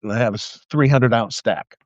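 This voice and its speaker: Brisk and mid-range, an older man rails about politics on a livestream, profane and derisive, with heated stretches that collapse into stammered restarts. The recording is dry, dull lo-fi stream audio.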